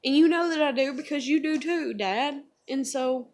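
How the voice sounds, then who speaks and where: A woman's voice: sits high, normal speed, darkish tone. A woman, talking emotionally and rambling with lots of fillers in a confessional vlog. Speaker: vlogger.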